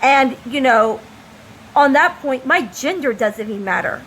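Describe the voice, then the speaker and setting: High-voiced woman giving an impassioned opinion. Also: expressive, a bit bright, slight background noise, rough recording. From United States. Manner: impassioned, emphatic, slow deliberate delivery. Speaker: vlogger. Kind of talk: opinion monologue to camera.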